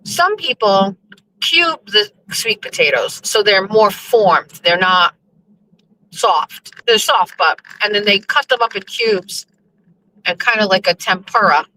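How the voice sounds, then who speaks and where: A woman's voice: medium pitch, animated, slow pace, bright, forceful tone, a little hiss or hum, low-quality recording. A young woman host chatting casually to her listeners while driving, rambling and cursing in exasperation. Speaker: show host.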